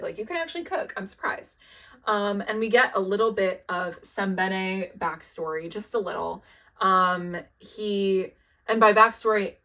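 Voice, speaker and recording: A woman's voice: mid-range voice, a bit bright. A young woman recapping a show in a rambling, casual way, full of fillers and swearing. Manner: rambling, filler-heavy, swears freely, laughs at her own asides.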